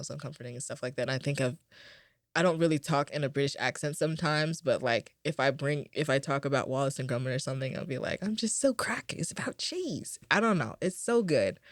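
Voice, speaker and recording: Low-pitched and recorded cleanly in a studio with no echo, this young woman hosts a podcast in a chatty, rambling way. She stays upbeat and uses lots of fillers despite sounding a little tired.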